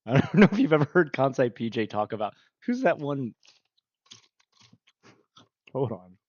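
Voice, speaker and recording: Here the streamer is very animated, his mid-range voice at a normal speed with a darkish tone, though the audio sounds dull. He keeps up casual, rambling conversation with viewers and laughs frequently.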